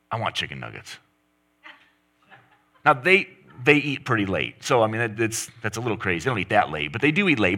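A man's voice: low-pitched, bright, forceful tone. A middle-aged man preaching a sermon, emphatic, pushing his voice up and down to stress points. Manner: emphatic, rising and falling for stress. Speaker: pastor.

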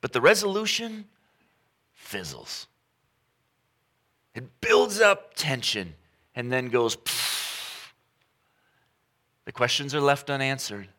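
Lively, bright-voiced male pastor preaching. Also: medium pitch, unhurried, pauses often. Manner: animated storytelling, repeats phrases for emphasis. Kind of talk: sermon.

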